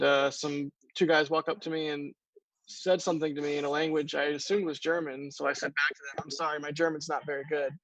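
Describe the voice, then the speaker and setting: Gravelly, slightly higher-pitched male co-host, musing storyteller, dull lo-fi remote feed. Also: no echo. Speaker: livestream co-host. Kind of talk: casual livestream commentary.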